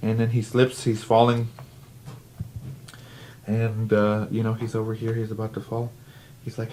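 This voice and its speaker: A man's voice: lowish voice, level tone, moderate pace, gravelly, long pauses, warm tone, a little hiss or hum. A man who casually reviews a comic book, with plenty of fillers and restarts. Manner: chatty, filler-heavy, restarts.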